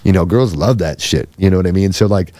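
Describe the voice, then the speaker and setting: Low-pitched and dark in tone, this man speaks fast on a podcast, rambling through a casual story with plenty of swearing and putting on voices to act out quoted remarks.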